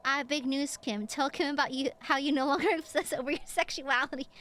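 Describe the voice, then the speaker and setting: A young woman streaming a game, chatting in a casual, excitable way. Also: high-pitched, fairly quick, noisy background. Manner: chatty, excitable, laughs often. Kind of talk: casual gameplay commentary.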